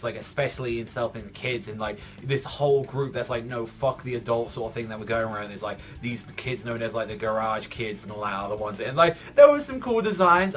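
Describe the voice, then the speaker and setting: A man with a medium-pitched, fairly bright voice gives a casual, rambling spoken review of a manga chapter. He fills his talk with "like" and swears freely.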